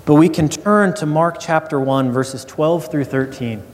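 Male pastor, sermon, casual storytelling, fairly high voice, long reverb. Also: measured pace. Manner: conversational storytelling preacher.

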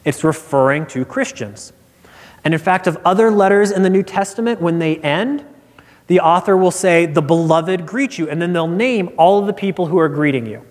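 A man preaching a sermon, earnest and expressive, acting out quotes as he tells a personal story. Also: high-pitched, normal speed. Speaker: pastor. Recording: long hall reverb.

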